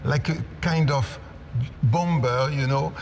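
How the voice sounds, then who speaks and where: A man's voice: medium pitch, slow. Enthusiastic admiring man in a hall. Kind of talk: interview with a designer. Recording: reverberant hall, faint noise.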